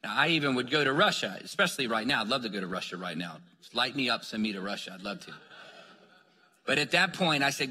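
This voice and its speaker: A man's voice: mid-range voice, lively intonation, fast talker, bright, forceful tone, husky. A man preaching a sermon with energy, telling stories and urging the congregation on with calls of "come on.". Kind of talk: sermon storytelling. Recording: long hall reverb.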